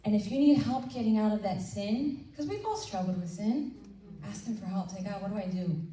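A woman leading a women's ministry breakfast, preaching in a conversational, animated way and acting out little asides. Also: mid-range voice, moderate pace. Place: church event room. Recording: roomy hall sound from a distant mic with faint noise.

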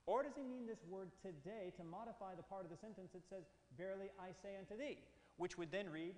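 A man's voice: high voice, brisk, a little mellow. A man preaching an emphatic seminar sermon, often putting questions to his audience. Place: hall with audience. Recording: long hall reverb.

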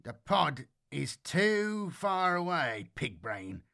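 A man's voice: a little high, sing-song, slow, creaky, sharp tone, voice pushed up, exaggerated voice. A man voicing a cynical, sardonic male veteran soldier who mocks his comrades in a dry, sneering tone.

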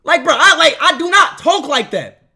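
A young man streaming live, reacting loudly, swearing and breaking into sudden shouts. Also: very high voice, lively intonation, normal speed, gravelly. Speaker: livestreamer.

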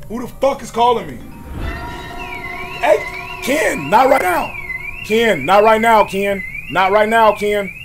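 A man hosting his gaming channel, giving jumpy, loud commentary on a horror game, swearing and yelling at every scare, his voice hoarse from screaming. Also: high voice, expressive, takes it slowly, pauses often, over music.

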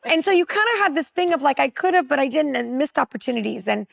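High, gravelly woman telling her story. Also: fast, dry recording, studio quality. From California. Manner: lively storyteller, acts out quoted dialogue. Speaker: women's pastor. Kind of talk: personal testimony on a talk panel.

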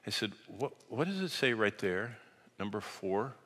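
A man preaching, telling a story in an animated way that swings from loud to hushed, and reading scripture aloud. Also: on the low side, a little slow. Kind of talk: storytelling sermon. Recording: long hall reverb.

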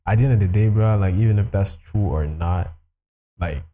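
A man's voice: sits low, moderate pace, mellow. A man hosting a music reaction video in casual, slangy talk, full of fillers. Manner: loose slangy talk, constant "you know what I'm saying" fillers. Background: hip hop music.

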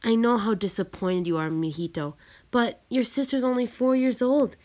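A woman voicing a patient, tender mother of young children, speaking gently and soothingly. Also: on the high side, moderate pace, voice pushed up, natural voice.

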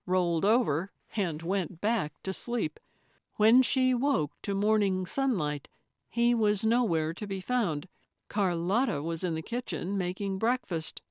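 A woman narrating a cozy mystery audiobook in a measured storytelling manner. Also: on the low side, no room sound, studio quality. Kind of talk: scripted narration.

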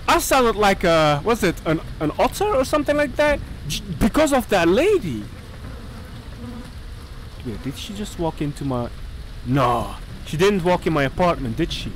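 A young gaming channel host commentates on a horror game, jumpy and talking back to the on-screen characters. He sounds high-pitched and very animated at normal speed, with faint background noise.

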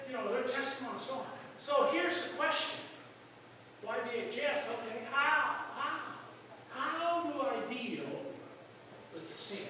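A man preaching a sermon as pastor, in a folksy storytelling way that jumps into loud outbursts. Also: very high-pitched, slight background noise. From United States. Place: church sanctuary. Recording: echoey hall from far off.

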